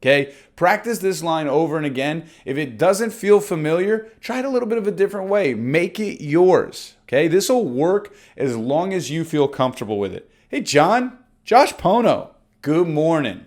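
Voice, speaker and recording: A man's voice: fairly high pitch, moderate pace, hardly any pauses. A young man coaching real estate agents on cold-call scripts, speaking energetically and confidently. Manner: energetic, confident, demonstrates lines aloud. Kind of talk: course lesson on phone scripts.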